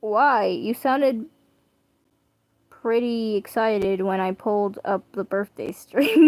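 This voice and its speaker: A woman's voice: fairly high pitch, unhurried, darkish tone, dry recording. A young woman chatting casually and rambling while reading a story aloud on stream. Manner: rambling, self-deprecating, bursts of laughter.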